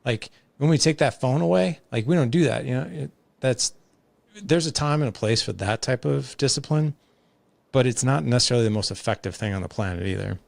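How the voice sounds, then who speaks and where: A man's voice: medium pitch, a little fast, gravelly, no echo. A man, a father and podcast guest, talking earnestly in conversational examples with lots of casual fillers.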